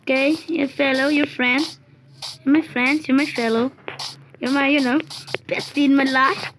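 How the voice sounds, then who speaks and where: A woman giving playful live commentary while gaming, chatty and joking, who bursts into panicked shouting. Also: high-pitched, fairly even intonation, moderate pace, slight background noise, rough recording. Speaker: gamer.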